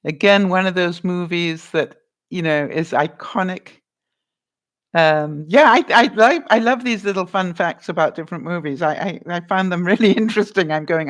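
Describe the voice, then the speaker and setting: A woman's voice: lowish voice, unhurried. Woman vlogger, casual live-stream chat, chatty and giggly, reads viewer comments. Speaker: vlogger running a movie quiz.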